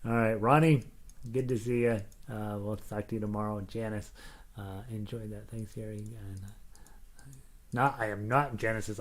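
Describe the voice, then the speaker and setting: A man's voice: on the low side, fairly even intonation, brisk. Chatty male ukulele teacher. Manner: chatty and jokey, lots of fillers, breaks into laughs and snatches of song. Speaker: ukulele teacher greeting class chat. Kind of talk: casual livestream chat reading comments.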